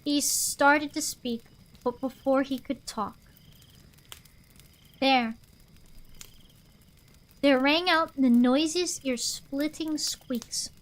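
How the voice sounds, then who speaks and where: A young woman streamer reads a picture book aloud into her desk microphone, drawing each line out slowly. Her voice is high and her asides chatty and animated.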